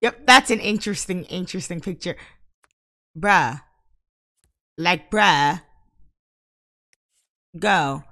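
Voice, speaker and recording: A woman giving casual Let's Play commentary, exasperated and bursting into loud outbursts at the game. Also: on the low side, slow pace, long pauses. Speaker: gaming YouTuber.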